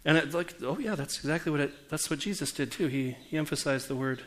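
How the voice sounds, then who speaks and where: A man's voice: a little high, fast talker, a bit bright, slight background noise. A man in his forties, a pastor preaching a conversational sermon and putting questions to the congregation. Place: church.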